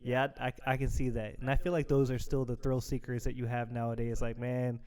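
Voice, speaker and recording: A man with a mid-range voice speaks fairly quickly as a guest on a casual podcast. He's animated, laughs often, and acts out dramatic scenes as he goes.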